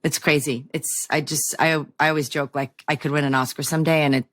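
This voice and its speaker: Brief: low-pitched woman guest, chatty and self-mocking, dry room. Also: fairly even intonation, brisk, a bit bright, no echo. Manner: chatty, self-deprecating storyteller. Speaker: guest actor. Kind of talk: casual podcast chat.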